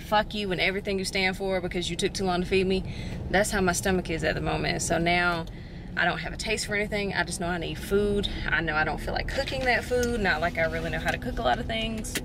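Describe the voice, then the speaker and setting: Frank, chatty woman in a car. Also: medium pitch. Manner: frank, chatty, swears freely. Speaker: vlogger. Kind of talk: casual vlog chat to camera. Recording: clear car road noise.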